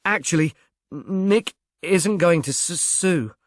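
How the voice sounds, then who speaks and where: A man's voice: on the high side, slow, no room sound, clean studio sound, voice pushed up. A man voicing a shy, earnest young Englishman who stammers and speaks diffidently. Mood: earnest, worried. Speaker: reader.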